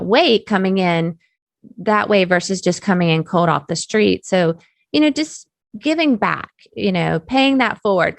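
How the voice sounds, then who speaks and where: Southern woman guest, mid-pitched, talkative and quick when excited, dry close recording. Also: creaky, no room sound. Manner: chatty, speeds up when excited, many fillers. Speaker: guest, technical curriculum developer. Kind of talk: casual interview talk.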